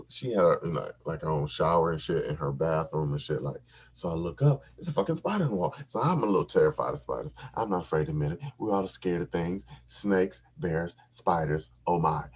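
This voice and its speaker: Gravelly, deep-voiced man telling crude stories. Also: fairly quick, highs cut off, slight background noise. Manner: animated, crude, repeats himself for laughs. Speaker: podcast host telling a story. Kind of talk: profane comic storytelling.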